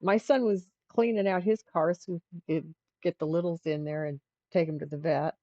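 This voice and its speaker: A woman's voice: low voice, steady tone, moderate pace, warm tone, dry recording, dull audio. A middle-aged woman hosting a livestream, telling a rambling story in casual chat with frequent restarts. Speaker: livestream host.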